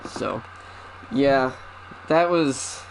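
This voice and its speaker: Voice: medium pitch, extremely slow, gravelly, slight background noise, low-quality recording. A streamer chatting casually while opening a parcel, wry and self-mocking, with casual swearing. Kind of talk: casual unboxing chat.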